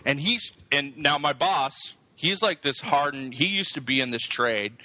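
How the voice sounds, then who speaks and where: A man's voice: on the high side, normal speed, no room sound, poor audio. A man telling a long, profane story in casual chat, stumbling over his words and restarting often. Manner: animated, profane, stammering restarts.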